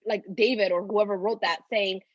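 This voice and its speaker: A woman's voice: mid-range voice, steady tone, normal speed, dry recording, muffled recording. A woman in her thirties, a podcast guest telling personal stories in a casual, rambling way that is full of "like". At times she sounds tearful. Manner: talks in loose run-on phrases full of "like". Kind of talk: casual conversational storytelling.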